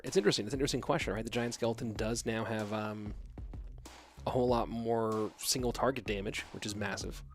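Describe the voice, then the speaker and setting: An American man calls a mobile esports match on his own, keeping his voice low and quiet. He thinks aloud and asks himself questions in a loose, casual way. Faint music plays under his voice. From USA. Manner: quiet, subdued delivery to keep from waking a child. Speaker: esports caster. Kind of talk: solo esports commentary with chat reading.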